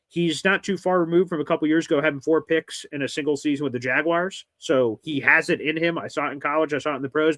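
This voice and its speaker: Wry podcast host guy, quick talker, dry close sound. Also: fairly high pitch, fairly bright tone, no room sound. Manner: wry, quick, mock-dramatic. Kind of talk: casual sports podcast chat. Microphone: streamed podcast mic.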